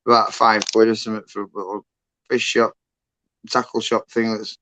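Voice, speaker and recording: A man's voice: fairly low pitch, flat delivery, moderate pace, sharp tone, no echo, rough recording. A man chatting on a livestream as a guest, rambling with fillers and self-corrections. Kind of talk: casual chat.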